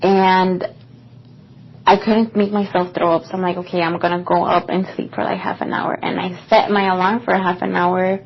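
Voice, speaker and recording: A woman's voice: on the low side, level tone, moderate pace, a little hiss or hum. A young woman co-hosting a podcast, telling a personal story in a casual, rambling way with lots of fillers. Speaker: podcast co-host. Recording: dull lo-fi podcast recording.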